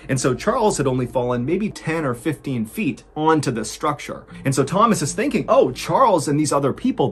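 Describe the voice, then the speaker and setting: A man narrating a true story in a dramatic, suspense-building way, lifting his voice at the tense moments. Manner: suspenseful, builds tension, rises in pitch at exciting moments.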